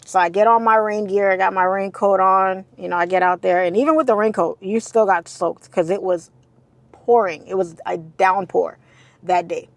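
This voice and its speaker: A woman's voice: mid-range voice, steady tone, moderate pace, dry recording. A woman telling a candid story for her vlog, blunt and casual, swearing freely and repeating herself for emphasis.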